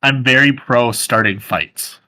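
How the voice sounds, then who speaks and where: A man joining in a tabletop game with a bright, forceful voice at a middle pitch. He talks eagerly and keeps hedging his ideas with "I think" and "like". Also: a little slow. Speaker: player.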